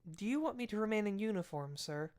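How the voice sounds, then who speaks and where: A woman's voice: medium pitch, animated, brisk, darkish tone, voice pushed up, close to an everyday voice. Sullen male police sergeant, woman reading, curt, short replies, sarcastic.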